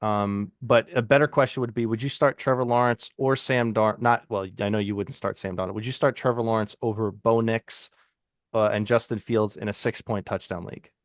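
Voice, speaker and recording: A man's voice: on the low side, fairly even intonation, fairly quick, no echo, clean studio sound. A man co-hosting a casual fantasy football podcast, talking loosely with frequent restarts. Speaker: podcast co-host.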